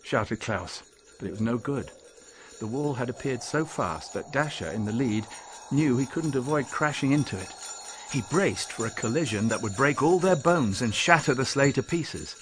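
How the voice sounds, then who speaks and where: A man narrating an audiobook, reading in a measured, expressive storytelling manner. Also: medium pitch, noisy background. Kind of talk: scripted narration.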